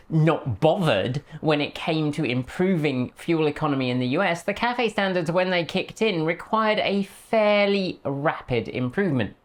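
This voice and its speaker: A woman hosting a commentary video, talking in a sarcastic, dryly mocking way. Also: deep voice. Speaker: host.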